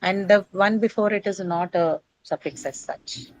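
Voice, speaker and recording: A woman's voice: mid-range voice, a little slow, a little mellow, dry recording, low-quality recording. A woman teaching an English class, quizzing and correcting her students on word stress.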